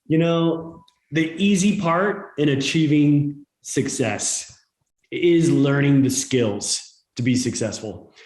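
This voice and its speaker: A man's voice: fairly high pitch, takes it slowly, darkish tone. Emphatic male author, roomy sound. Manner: emphatic, repeats phrases, coaching tone. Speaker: author and podcast guest. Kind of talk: motivational interview talk.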